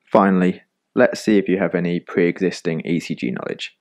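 A man narrating an animated medical lesson in a calm, measured, scripted voice-over, recorded close on a studio mic. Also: deep voice. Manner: calm, measured explanatory delivery.

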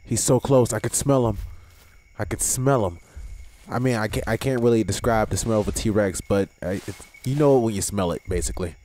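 An excitable young gaming video host provides casual let's-play commentary, swearing often and talking to himself while playing. His voice is on the low side and a little fast.

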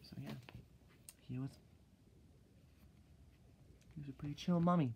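A teenage boy rambling through a casual vlog, full of "like" and "freaking", swearing freely and jumping into loud, high exclaims when he mocks something. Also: measured pace, lo-fi sound, noisy background. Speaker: vlogger.

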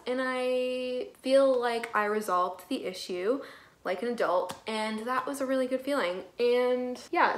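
A woman's voice: medium pitch, poor audio. A woman in her twenties talking casually in a daily vlog, chatty and rambling, laughing often. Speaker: vlogger. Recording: faint background noise.

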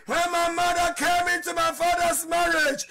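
A Ghanaian man preaching an impassioned sermon as pastor, shouting and crying out, with prayers in Twi. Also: extremely high pitch, little pitch movement, moderate pace, noisy background.

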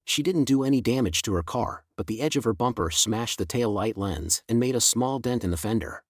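A man voicing a sad, apologetic middle-aged woman on the phone in a slow, plain way. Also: mid-range voice, expressive, no room sound, studio quality, close to an everyday voice.

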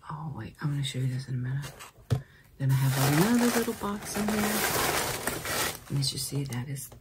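Woman, low voice, whispered ASMR, soft and slow, steady background hiss. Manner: soft, alternating whisper and quiet speech; slow, drawn-out words. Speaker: ASMR creator. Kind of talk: whispered ASMR mail opening.

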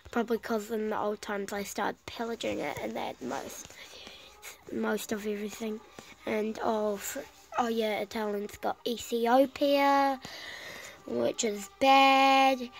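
Brief: female gameplay commentator with a cough, unhurried and a little high, chatty, faint game music behind. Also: creaky, poor audio. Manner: rambling, self-talking, trailing off with fillers. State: sick with a cough. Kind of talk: casual let's-play commentary.

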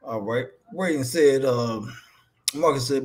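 A man's voice: medium pitch, slow pace, long pauses. A man co-hosting a live stream in casual chat, laughing and teasing as he reads out viewer comments and ends lines with "boy". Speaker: co-host of a wrestling live stream.

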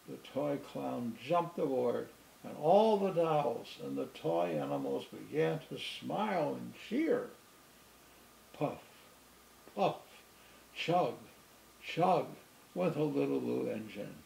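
A man's voice: fairly high pitch, expressive, slow pace, vocal fry, echoey room, low-quality recording. A man, a priest, reading a children's storybook aloud with dramatic character voices. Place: church.

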